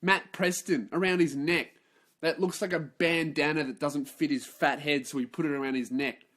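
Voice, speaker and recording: A man's voice: a little high, steady tone, normal speed, a bit bright. Profane, ranting young man. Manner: profane, exaggerated outrage. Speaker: podcast host. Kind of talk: comedic rant.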